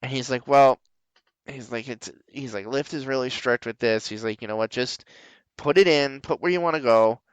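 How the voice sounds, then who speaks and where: A man's voice: mid-range voice, normal speed, smooth, no echo, lo-fi sound. A man hosting a casual podcast chat, swearing freely and acting out the people in his stories. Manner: profane, animated storyteller who acts out quoted people. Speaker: podcast host.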